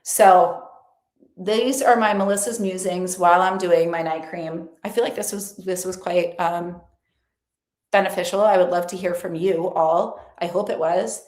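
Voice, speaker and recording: A woman's voice: on the low side, steady tone, a little slow, darkish tone. Chatty woman vlogger in a roomy space. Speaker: lifestyle and faith vlogger. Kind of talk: casual motivational talk to camera.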